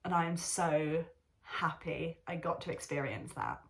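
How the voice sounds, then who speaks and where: A woman's voice: low voice, lively intonation, unhurried, creaky. A young woman, a drama student, chatting casually in a vlog and gushing emotionally, with lots of "like" and "um". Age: young adult.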